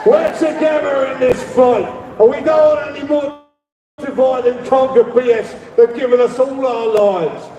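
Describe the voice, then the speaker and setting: A middle-aged man with a London accent giving a rambling rally speech as an activist, shouting demands and leading the crowd in call-and-response. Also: very high voice, steady tone, normal speed. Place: public rally. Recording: echoey, distant, with crowd noise. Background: faint crowd and ambient noise.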